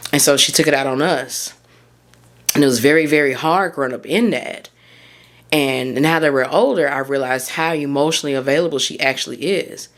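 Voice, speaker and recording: A woman, hosting a solo podcast and talking candidly and heartfelt, often drifting off track. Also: low voice. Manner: candid, heartfelt, rambling and prone to losing her thread. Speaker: podcast host and mindset coach.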